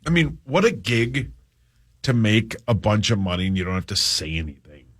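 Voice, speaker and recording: A man's voice: on the low side, sing-song, moderate pace, fairly bright tone. A man co-hosting a morning radio show, joking and laughing. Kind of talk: casual morning radio banter.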